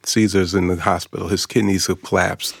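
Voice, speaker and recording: A middle-aged man telling a personal story in conversation, animated and acting out the voices of others. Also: sits low, a little fast, vocal fry, breathy edge, no room sound, clean studio sound. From Arkansas. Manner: animated, acts out quoted voices. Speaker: guest.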